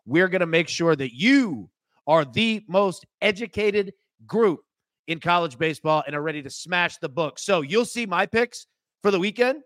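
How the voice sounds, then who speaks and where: Man, betting analyst, slightly high voice, dry close sound, casual, conversational. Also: animated, moderate pace, fairly bright tone, no room sound. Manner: laid-back, conversational, pitchman. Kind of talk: casual sports betting chat.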